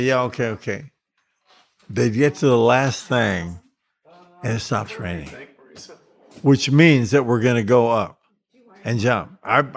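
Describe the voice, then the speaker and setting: Animated man telling a story. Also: mid-range voice. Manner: animated, vivid storytelling with restarts. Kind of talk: casual spoken anecdote.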